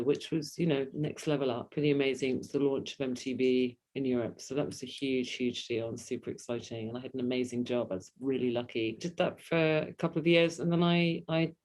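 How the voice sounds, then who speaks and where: Lively middle-aged Englishwoman guest. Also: extremely low pitch. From London. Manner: lively, self-deprecating, animated. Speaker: guest, agency founder. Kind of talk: casual interview chat.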